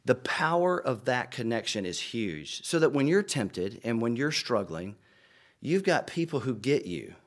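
A man's voice: mid-range voice, very animated, measured pace. A middle-aged man, a pastor, preaching earnestly to fellow pastors in a conversational storytelling way, often repeating words.

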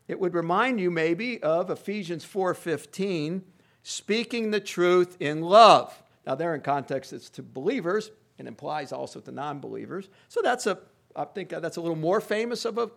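A man with a fairly high voice preaches a teaching sermon from the pulpit. He moves along haltingly, filling pauses with filler sounds, then pushes key words up with emphatic rising stress. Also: vocal fry. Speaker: pastor. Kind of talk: expository sermon.

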